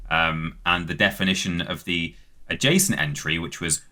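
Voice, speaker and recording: A British man with a very low, deep voice and a bright, forceful edge explains facts at length on a podcast. He talks casually, full of "um"s, and spells out words letter by letter as he goes. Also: fairly even intonation, normal speed. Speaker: podcast co-host. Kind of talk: casual chat, reading out facts.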